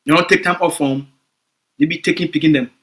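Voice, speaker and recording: Cameroonian pidgin guy rallying supporters, high voice, keeps repeating his points. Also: fairly even intonation, brisk, a bit bright. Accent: Cameroonian Pidgin English. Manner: emphatic, repetitive, rallying. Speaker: movement spokesman. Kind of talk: political address to supporters.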